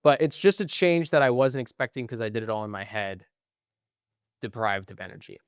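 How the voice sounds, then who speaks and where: A man's voice: medium pitch, expressive, brisk, clean tone, no echo, clean studio sound. Tired young man telling rambling stories. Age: young adult. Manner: rambling, profane storytelling, trailing off quietly. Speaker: podcast co-host. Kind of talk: casual chat.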